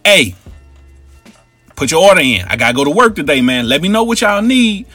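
A man voicing a fast-talking hustler who takes everyone's orders and keeps repeating himself. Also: a little high, big pitch swings, pushed and bright, no echo, faint music behind, exaggerated voice. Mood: eager hustling. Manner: pushy, repeats himself, quick patter.

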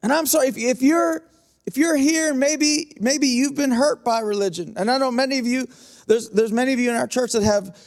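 A man's voice: very high voice, normal speed. A man preaching a passionate sermon as pastor, with emphatic repetitions and direct asides to his congregation.

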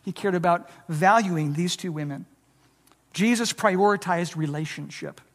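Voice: medium pitch, unhurried. A preacher delivering a sermon in an earnest way, often stammering and restarting phrases and acting out the lines it quotes. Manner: acts out quoted lines in a changed voice. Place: church sanctuary. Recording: long hall reverb.

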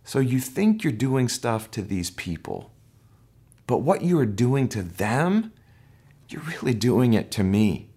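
A preacher voicing a calm, quiet Jesus. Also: male voice, medium pitch, slow, slightly rough, heavily acted. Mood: gentle. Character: Jesus, calm male divine voice confronting Saul.

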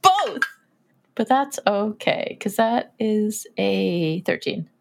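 A woman playing a tabletop game, animated and full of fillers as she describes her moves. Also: medium pitch, slow, gravelly. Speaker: player.

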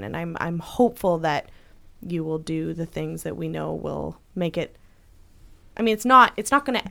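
Woman podcast cohost, kinda low voice, earnest and reassuring, lots of restarts. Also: creaky, a bit bright. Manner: earnest, reassuring, talks through thoughts with many restarts. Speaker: podcast co-host, supporting partner. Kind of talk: casual chat.

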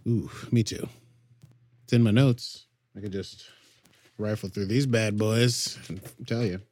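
A man's voice: on the low side, fairly even intonation, unhurried, darkish tone, dry recording. A man co-hosting a podcast, rambling playfully with jokey asides. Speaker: podcast co-host. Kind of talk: casual chat.

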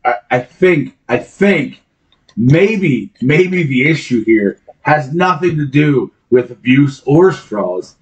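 A man's voice: mid-range voice, lively intonation, takes it slowly, muffled recording. A man co-hosting a podcast, teasing the others in dry, profane banter. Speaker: podcast co-host.

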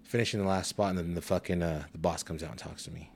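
A young man with a lowish voice tells a rambling work story on a podcast, swearing freely. He talks casually and keeps breaking into laughter as he goes. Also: fairly even intonation, fast, a little mellow. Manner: profane, storytelling, prone to laughing fits. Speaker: podcast host. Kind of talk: casual chat.

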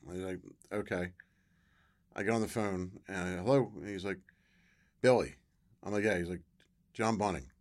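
As a guest in a casual interview, a middle-aged ex-football player recounts his story, acting out quoted voices amid bursts of excitement. His voice sits low, and he talks briskly while pausing often.

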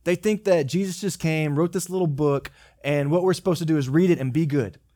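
A man's voice: on the high side, a little fast, dark tone, dry recording, studio quality. A man, a pastor giving a casual sermon full of joking asides and acted-out dialogue. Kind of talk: conversational sermon.

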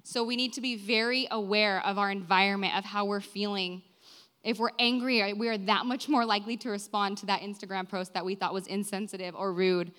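A woman in her twenties preaches a sermon in church with a bright, forward tone, her medium-pitched voice clear and resonant. She speaks earnestly and conversationally to the congregation, frequently dropping in "right?" and "like."

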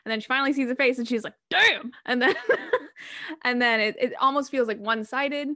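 A young woman co-hosting a podcast in casual chat, animated and laughing, acting out her own reactions. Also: fairly high pitch, rapid-fire, no room sound. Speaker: podcast co-host.

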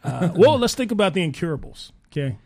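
A man's voice: sits high, very animated, fast, creaky, a little mellow, no room sound, studio quality. A man co-hosting a radio talk show, joking crudely and rambling, slurring slightly from a bitten tongue. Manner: rambling, laughs often, stumbles over words. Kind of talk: crude casual banter. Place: radio studio.

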